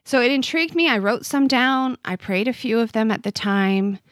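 A podcast guest, this woman in her forties speaks at normal speed in a voice on the high side. She tells her own story with heartfelt sincerity, frequently stopping and starting again. The recording has clean studio sound and no echo.

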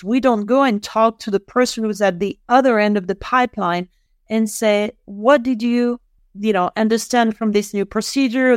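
A woman's voice: on the high side, no echo, clean studio sound. A middle-aged woman, a podcast guest and author, explaining leadership ideas in a thoughtful, conversational way with frequent restarts. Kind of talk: interview conversation.

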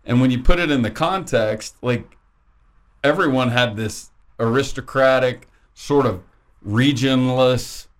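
A man's voice: mid-range voice, unhurried. A man co-hosting a sports talk radio show, chatting casually in a rambling, thoughtful way. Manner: rambling and thoughtful, with many restarts.

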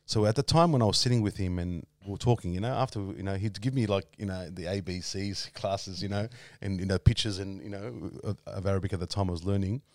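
A man's voice: low-pitched, quick pace, few pauses, no room sound, clean studio sound. A man telling a personal story in casual conversation, rambling with frequent fillers and restarts.

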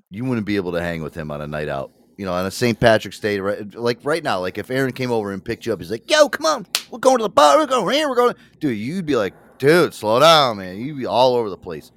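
A man's voice: lowish voice, no echo. A middle-aged man co-hosting a podcast, telling stories about a friend in casual chat, swearing often and acting out other people's voices. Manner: animated storyteller, acts out friends' voices, swears a lot. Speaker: podcast co-host.

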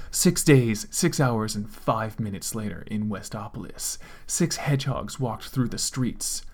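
A man dramatically reading fan fiction aloud, with deadpan asides. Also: fairly low pitch. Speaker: comedic fanfic reader.

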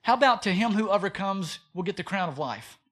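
A man preaching a sermon as pastor, animated and full of rhetorical questions. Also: high-pitched, brisk.

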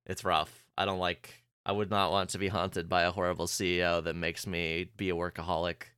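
A man with a very deep, low voice talks in a loose, hesitant way, full of ums and restarts as he thinks aloud. His tone is bright and clean, and the sound is close and dry with no room around it. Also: level tone, clear, resonant tone, dry recording. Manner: hesitant, many fillers, drawn-out and musing. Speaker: podcast co-host. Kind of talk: casual chat.

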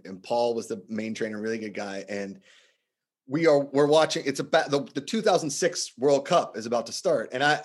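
Man, American, casual storytelling, animated, mid pitch, quoted voices. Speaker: podcast guest telling stories.

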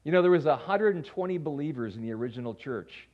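Animated, higher-pitched male pastor preaching. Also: fast talker. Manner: animated, swings from loud to soft, stammers on restarts. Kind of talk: sermon. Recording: dull lo-fi sound.

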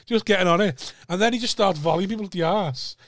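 A young man tells a long, rambling story in casual chat, swearing freely and often breaking into laughter. His voice sits a bit high for a man. The sound is dry and close, with no room sound. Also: quick pace, fairly bright tone, dry recording.

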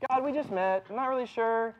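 A man's voice: extremely high pitch, brisk, muffled recording, pitched above the performer's own voice. A man voicing Moses as a nervous, sheepish grown man who keeps watering down his message. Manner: sheepish, bargaining, rambling.

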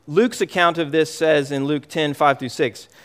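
A middle-aged man preaching a sermon as pastor, emphatic and animated, often repeating words as he goes. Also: on the high side, normal speed.

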